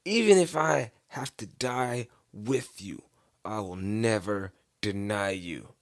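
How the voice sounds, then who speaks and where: An eager, loyal disciple swearing he will stand firm, loud and insistent, as a man reads him. The voice sits low and sounds close and dry. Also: sing-song, moderate pace, dry recording. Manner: emphatic, insistent.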